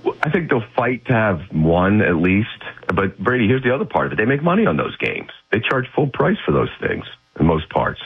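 A man's voice: fairly low pitch, huge pitch swings, fairly quick, gravelly, hardly any pauses, slightly rough. A man speaking as a guest football analyst on sports radio, blunt, opinionated and emphatic, heard over a phone line.

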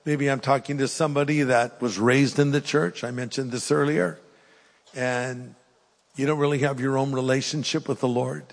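A man's voice: medium pitch, steady tone, moderate pace, creaky. Older male preacher in a reverberant hall. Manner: earnest, preacherly, swings between rising emphasis and hushed pleading. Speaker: pastor. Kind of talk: sermon with altar call. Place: church hall with live audience.

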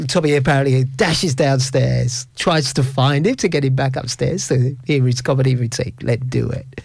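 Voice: mid-range voice, normal speed, gravelly, hardly any pauses, darkish tone, no room sound. A radio host in casual chat, rambling and giggling through stories.

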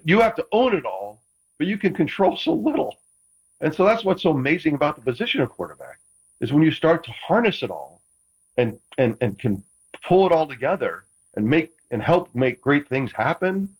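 A man's voice: a little high, breathy edge, poor audio. A man, a former quarterback, chatting casually as a guest, rambling with frequent restarts and playful teasing. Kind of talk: casual chat.

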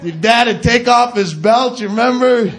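A male stand-up comedian doing a shouted, mock-nostalgic rant on stage, recorded live in a comedy club. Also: extremely high pitch, normal speed. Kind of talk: stand-up routine. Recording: live club set with crowd laughter.

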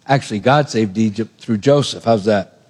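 Animated male preacher in a reverberant church. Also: fairly low pitch, normal speed. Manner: retells scripture with acted quotes, animated and conversational. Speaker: pastor. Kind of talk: sermon. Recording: long reverb of a hall.

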